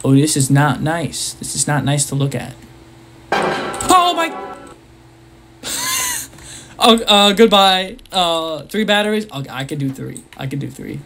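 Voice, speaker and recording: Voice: mid-range voice, lively intonation, normal speed, hardly any pauses, music in the background. A gamer giving let's-play commentary on a horror game, jumpy and easily startled, with nervous laughs and sudden exclamations.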